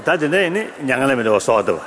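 A man giving a religious teaching in an expressive way, with sudden rises in pitch. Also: fast. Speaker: Buddhist teacher. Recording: echoey hall, faint background noise.

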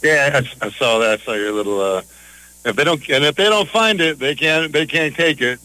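A man's voice: fairly high pitch, animated, moderate pace, sharp tone, low-quality recording. A man hosting a casual interview, loose and chatty with lots of fillers. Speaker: interviewer, host.

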